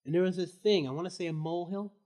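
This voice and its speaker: A male student on a casual podcast, telling an animated story and laughing as he goes. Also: high-pitched, very fast. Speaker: student guest.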